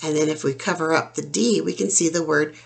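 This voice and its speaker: A woman teaching a phonics lesson to young children, sounding out words slowly and clearly. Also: sits low, steady tone.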